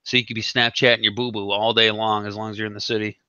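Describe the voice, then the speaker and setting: A man's voice: on the low side, level tone, quick pace, pushed and bright, clean tone, dry recording. A man hosting a casual chat, telling a rambling, profane story. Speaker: podcast host. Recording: dull lo-fi sound.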